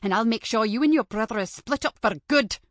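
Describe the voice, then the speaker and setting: A woman's voice: fairly high pitch, fairly quick, no room sound, studio quality, close to an everyday voice. A woman voicing a spiteful, bullying older female teacher with a stern, contemptuous way of scolding. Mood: threatening.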